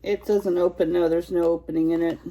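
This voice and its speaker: A woman's voice: on the low side, little pitch movement, a little fast, background noise. A woman vlogger chatting casually while unboxing a toy, giggly and rambling.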